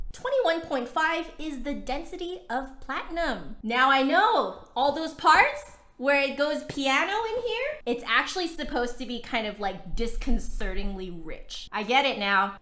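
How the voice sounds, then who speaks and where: A woman's voice: sits high, lively intonation, unhurried, a bit bright. An American woman demonstrating a flute on a casual livestream, chatting straight to her viewers. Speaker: flutist reviewing an instrument. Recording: roomy echo.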